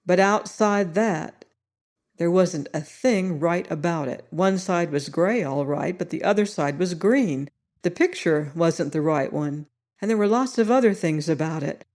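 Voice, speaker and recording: A woman reading a story aloud as an audiobook narrator, steady and unhurried. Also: fairly low pitch.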